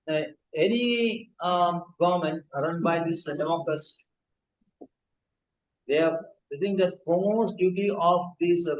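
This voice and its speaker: A man giving a scripture lecture, pausing often with fillers and restarts. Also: on the high side, a little hiss or hum. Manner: halting, frequent fillers and restarts. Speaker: spiritual teacher. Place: temple hall. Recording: echoey hall.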